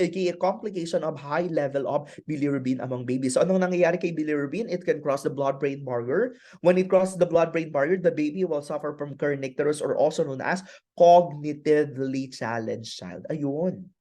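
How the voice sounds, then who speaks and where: A man's voice: on the high side, darkish tone. A man with a Filipino accent teaching a nursing pharmacology night class, switching between English and Filipino and repeating key terms as he quizzes students. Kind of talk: online class lecture.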